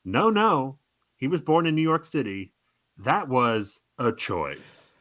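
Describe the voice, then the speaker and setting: A man's voice: mid-range voice, sing-song, slow pace, fairly bright tone, no echo. A man co-hosting a podcast in casual chat, joking and laughing as he riffs on a movie. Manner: joking, acts out quoted voices, laughs. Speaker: podcast co-host.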